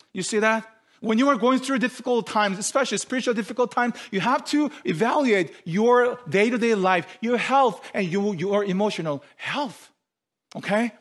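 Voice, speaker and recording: A high-pitched man preaching a sermon at an unhurried pace. He is earnest and repetitive, putting questions to the congregation and sometimes sinking to a near whisper. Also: a bit bright. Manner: drops to a near whisper at times. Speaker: pastor.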